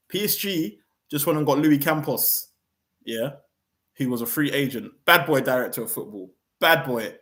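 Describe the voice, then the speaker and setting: A young man hosting a football fan channel, ranting in a heated, slangy, animated way. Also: mid-range voice.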